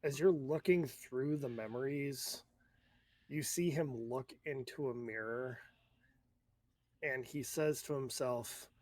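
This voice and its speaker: Slow, halting male game master. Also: mid-range voice, a little mellow, no room sound. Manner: halting, descriptive narration. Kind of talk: narrating a tabletop role-playing game.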